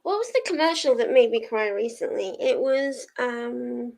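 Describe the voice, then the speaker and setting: A woman's voice: on the high side, expressive, normal speed, creaky, a little mellow. A young woman hosting a livestream, chatting casually and rambling as she answers her viewers' messages. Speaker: livestream host of reading sprints. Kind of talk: casual chat with live viewers.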